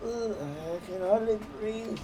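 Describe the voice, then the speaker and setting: A woman's voice: mid-range voice, takes it slowly, background noise, lightly acted. A woman voicing a wounded man in a game, breathless and groaning in pain.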